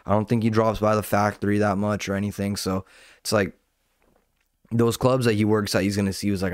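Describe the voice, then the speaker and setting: A man with a lowish voice rants casually, swearing freely and restarting his sentences as he jumps from point to point. The sound is dry and close to the mic. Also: flat delivery, fairly quick, no room sound. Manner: profane, rambling, self-interrupting. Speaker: commentator. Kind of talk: casual profane rant.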